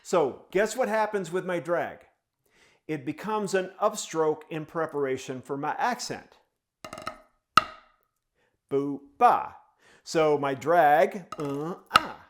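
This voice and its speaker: Male drum instructor, unhurried and methodical, sounds out patterns as he plays, noisy recording. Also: fairly high pitch. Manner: vocalizes rhythms with syllables while demonstrating. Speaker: drum teacher. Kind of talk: step-by-step instrument lesson.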